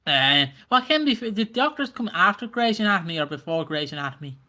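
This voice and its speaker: A man's voice: high voice, big pitch swings, a little fast, pushed and bright. A man hosting a casual podcast chat, jokey and rambling, swearing now and then. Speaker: podcast host.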